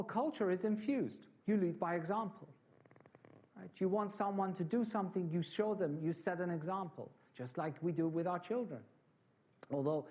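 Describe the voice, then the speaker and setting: A man's voice: fairly high pitch, lo-fi sound. A man from England, giving a conversational conference talk full of anecdotes and asides to the audience. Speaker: conference speaker.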